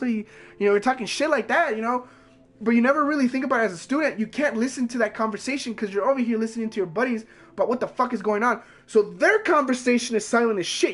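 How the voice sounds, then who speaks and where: A man's voice: very high-pitched, fast, fairly bright tone. A young man, a game streamer, rambling through a profane story in casual chat.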